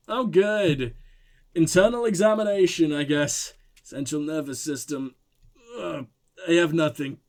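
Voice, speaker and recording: A man's voice: fairly high pitch, a little slow, a little mellow. A man hosting a let's play, reading game text aloud with joking, rambling commentary and frequent slips over words.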